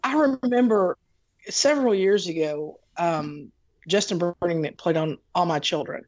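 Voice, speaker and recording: Low-ish woman voice, tennessee southern accent, dry close sound, tells stories slowly. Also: a little mellow, no room sound. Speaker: casting member of a show. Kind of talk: casual chat.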